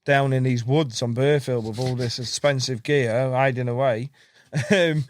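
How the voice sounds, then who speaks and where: A man's voice: medium pitch, steady tone, measured pace. A man chatting as a podcast guest, a rambling storyteller who acts out what people said and laughs often. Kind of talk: casual chat.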